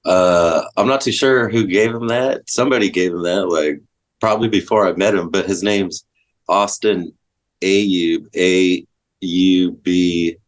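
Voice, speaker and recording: A man telling stories in a relaxed, casual way, swearing freely and saying "like" a lot. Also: low voice, unhurried. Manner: laid-back, swears freely, lots of likes. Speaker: guest. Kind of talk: casual storytelling.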